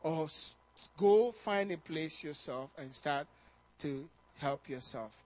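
Man, pastor, sermon, high voice, animated storyteller, repeats words. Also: takes it slowly. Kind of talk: sermon with personal stories.

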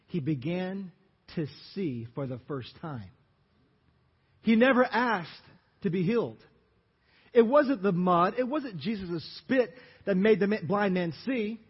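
A man with a Louisiana accent preaches a lively sermon, firing questions out to his congregation. His voice sits high and has a husky edge. The audio is dull and carries a long reverb from a large sanctuary. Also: measured pace. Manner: animated, asks the congregation questions. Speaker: pastor. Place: church sanctuary.

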